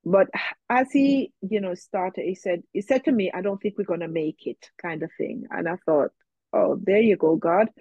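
A woman's voice: lowish voice, moderate pace, dark tone, breathy edge, no echo, dull audio. A woman guest in an interview, telling a personal story in a reflective way, with many fillers, and quoting herself and others.

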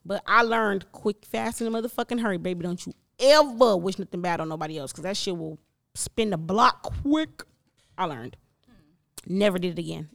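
A woman's voice: mid-range voice, gravelly, fairly bright tone. A young woman, telling stories in casual chat with a blunt, profane manner. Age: young adult.

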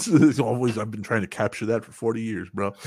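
A man hosting a casual podcast, telling stories in an animated, profane way and acting out quotes. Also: lowish voice, no echo, studio quality. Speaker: podcast host.

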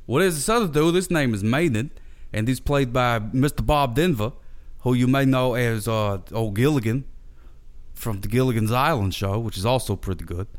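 A man's voice: mid-range voice, animated, normal speed. A man hosting casually, recapping an old TV episode in a rambling, folksy way with frequent self-corrections. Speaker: show host reviewing an old TV series.

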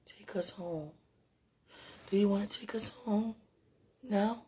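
Soft-spoken husky woman, tender and halting. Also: mid-range voice. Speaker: partner speaking to a loved one. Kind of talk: intimate emotional monologue with prayer.

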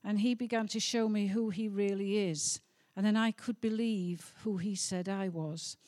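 A woman's voice: medium pitch, fairly even intonation, moderate pace, a little mellow. A middle-aged woman telling a heartfelt testimony story during a sermon, with some hesitations. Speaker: pastor's wife.

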